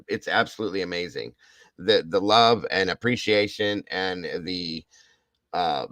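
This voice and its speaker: Livestream host, male, very low voice, gushing and heartfelt, close dry mic. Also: fairly bright tone, no room sound. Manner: emotional, effusive, repeats thanks and praise. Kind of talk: casual livestream chat thanking viewers.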